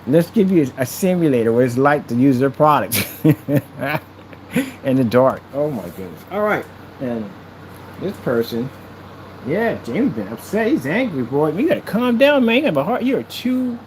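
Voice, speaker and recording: A man vlogging to the camera in a boastful, mocking tone, repeating his taunts and getting excited. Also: fairly high pitch, normal speed, slight background noise, low-quality recording. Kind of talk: taunting vlog talk to camera.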